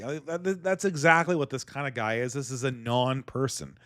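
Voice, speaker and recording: A man hosting a casual livestream, reading donations and talking in a sardonic, halting way with frequent restarts. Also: medium pitch, steady tone, fairly bright tone, dry recording, studio quality. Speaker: livestream host.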